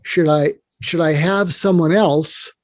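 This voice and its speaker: A man's voice: on the high side, steady tone, takes it slowly, dry recording. A man who is a psychiatrist, talking as an interview guest and telling rambling stories with many restarts. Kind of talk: conversational interview storytelling.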